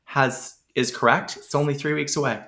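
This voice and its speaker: A man co-hosting a podcast in casual chat, enthusiastic and quick to jump into the news. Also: a little high, steady tone, a crowd in the background. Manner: chatty and enthusiastic. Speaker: podcast co-host.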